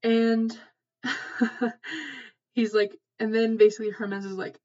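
A woman's voice: a little high, little pitch movement, takes it slowly, pauses often, dark tone, muffled recording. A woman hosting a casual mythology podcast, rambling with lots of fillers, casual swearing and lost trains of thought. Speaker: podcast host.

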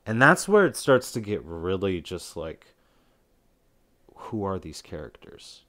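A man with a lowish voice talks through a movie in loose, casual podcast chat. He rambles with plenty of fillers and slips into quick impressions of the characters he describes. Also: big pitch swings, a bit bright. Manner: rambling, filler-heavy, acts out quoted characters. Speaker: podcast co-host. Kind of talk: casual film discussion.

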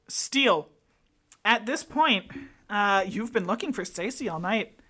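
A woman's voice: medium pitch, animated, unhurried, a bit bright, breathy edge. A woman narrating and running a murder-mystery tabletop game. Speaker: game master.

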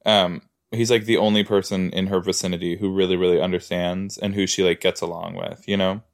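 A man's voice: sits low, flat delivery, a little fast. A man hosting a podcast, chatting casually as he reacts to a TV episode, full of "like" and "you know".

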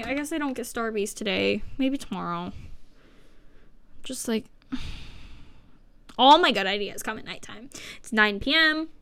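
A woman's voice: fairly high pitch, clear, resonant tone, no echo. Rambling seventeen-year-old girl podcaster. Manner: rambling, self-mocking and sarcastic, with swearing. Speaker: podcast host. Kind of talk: casual solo podcast chat. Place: living room at home.

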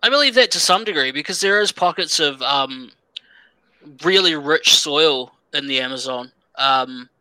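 Pria beraksen Selandia Baru, suara tinggi tajam. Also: male voice, a little high, animated, moderate pace, sharp tone, smooth, dry recording, rough recording. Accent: New Zealand. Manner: dry, teasing, reading items out. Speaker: podcast co-host. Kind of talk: casual chat.

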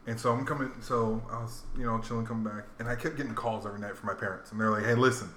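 A man's voice: lowish voice, fairly even intonation, rapid-fire, a bit bright. A man telling a story in casual chat, laid-back and rambling, with lots of fillers. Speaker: podcast co-host. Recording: roomy echo, faint room noise.

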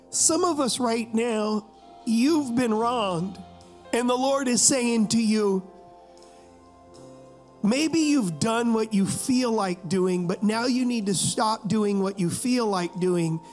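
A male pastor with a strikingly high voice preaches to his church. He tells stories in a loose, joking way and keeps calling on the congregation to agree with him, while soft music plays faintly in the background. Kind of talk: sermon with storytelling. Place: church service.

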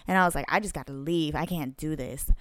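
A woman co-hosting a casual podcast, telling a story with lively retellings of dialogue and frequent swearing. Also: low-pitched, fast, no room sound, clean studio sound. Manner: animated, swears freely, plays out quoted dialogue. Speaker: podcast co-host.

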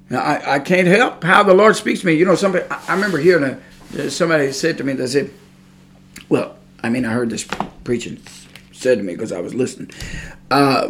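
A man preaching a sermon, fervent, moving from quiet asides to loud shouted peaks in a folksy church cadence. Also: a little high.

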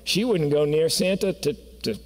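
A man's voice: on the high side, normal speed. A man preaching a sermon in a church sanctuary, telling stories earnestly and building to emphatic peaks. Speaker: pastor. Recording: long reverb of a church hall.

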